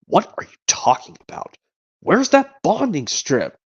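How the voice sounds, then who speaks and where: A man's voice: high-pitched, huge pitch swings, measured pace, husky, voice pushed up, full character voice. A man doing an impression of an earnest, self-serious space ranger toy, speaking stiffly and solemnly. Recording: dull lo-fi stream audio.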